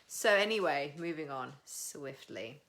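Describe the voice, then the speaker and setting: A British woman hosts a casual live stream in a low, bright voice with a forceful edge. She chats frankly and swears freely, calling out viewers by name as she goes. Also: expressive, measured pace, a little hiss or hum. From Britain.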